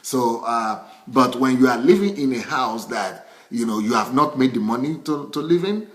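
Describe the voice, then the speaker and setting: A male pastor, a native Yoruba speaker, preaching in an animated, emphatic way, often restarting and repeating phrases. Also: medium pitch, normal speed. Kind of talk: sermon.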